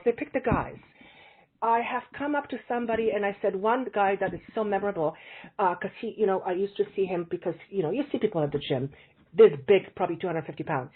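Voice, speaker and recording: Husky-voiced woman on a phone-quality call. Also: mid-range voice. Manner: chatty, animated anecdotes with acted-out quotes. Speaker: psychic medium guest. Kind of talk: casual interview storytelling. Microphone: remote call line. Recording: tinny call audio.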